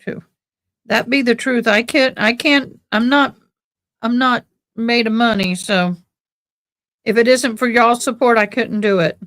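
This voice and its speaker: A woman with a Texan accent hosts a casual livestream chat. She speaks slowly and rambles, and her voice sits a little high. She keeps stopping to thank her viewers. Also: a bit bright. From born in Tennessee, raised in Texas. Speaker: livestream host.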